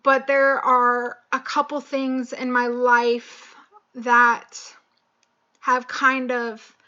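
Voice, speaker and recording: A young woman talking slowly and haltingly in a personal video, choked up and emotional, with many pauses and fillers. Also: a little high, sharp tone, highs cut off. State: tearful, choked up. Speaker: vlogger. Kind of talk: personal confessional vlog.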